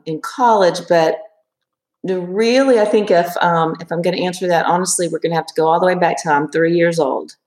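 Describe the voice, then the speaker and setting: Fifties woman, lowish voice, ponders aloud as interview guest, echoey room. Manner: reflective, hesitant with many restarts and fillers. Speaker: therapist guest. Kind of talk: casual interview.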